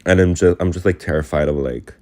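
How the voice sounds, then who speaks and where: A man's voice: low voice, quick pace, darkish tone. A young man telling a rambling, emotional storytime in a casual vlog, full of filler words. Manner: emotional, confiding. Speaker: vlogger.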